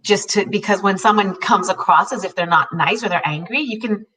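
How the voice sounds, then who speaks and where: A woman's voice: mid-range voice, a little fast, sharp tone. Earnest middle-aged woman telling a story. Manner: earnest, heartfelt, many restarts. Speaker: co-host. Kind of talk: personal storytelling in a talk show. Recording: voice a bit distant from the mic.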